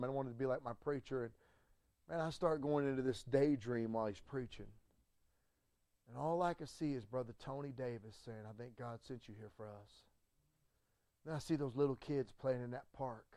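A middle-aged man, a pastor, telling a story in a sermon with animated swings from loud to hushed and stammering restarts. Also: high-pitched, dry recording.

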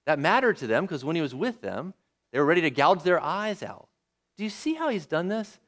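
A man preaching a sermon, lively and often asking his listeners questions. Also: on the high side, brisk. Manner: lively, asks the audience questions.

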